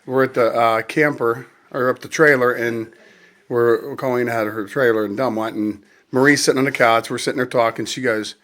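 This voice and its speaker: Relaxed man telling family stories. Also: mid-range voice, normal speed. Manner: relaxed, acts out quoted lines. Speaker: family member sharing memories. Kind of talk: casual storytelling at a funeral luncheon. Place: funeral luncheon gathering.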